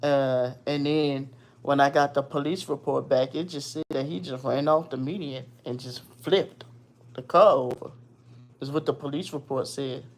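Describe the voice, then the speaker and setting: A woman from Virginia hosting her show, casually telling a personal story in a blunt, animated, profane way. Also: extremely low pitch, moderate pace.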